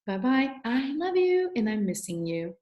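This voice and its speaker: A woman's voice: a little high, sing-song, normal speed, lo-fi sound. A woman teacher giving a recorded phonics lesson to young children, patient, sing-song and encouraging. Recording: echoey room.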